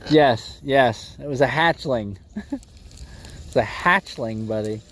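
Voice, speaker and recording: A man's voice: medium pitch, expressive, slow, a bit bright. A man hosting a fishing livestream from a windy lake, chatting casually and joking with his viewers, laughing often.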